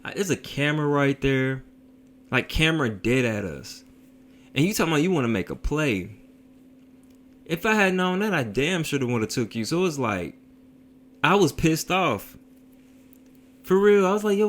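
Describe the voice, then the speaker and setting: A man telling a story in a casual vlog, in a slangy, profane, animated way. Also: mid-range voice, moderate pace.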